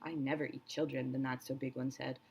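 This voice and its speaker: A woman's voice: rumbling low, level tone, a little fast, darkish tone, a little hiss or hum, pitched below the performer's own voice. Woman voicing a small, prim crocodile. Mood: disgusted. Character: small fussy male crocodile, disgusted.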